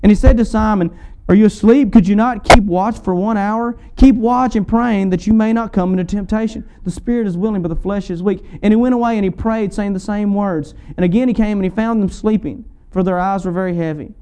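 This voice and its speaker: A man's voice: high voice, a little fast, warm tone, slight background noise. A man preaching a sermon, building with emphatic repetition and rising fervor. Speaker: pastor.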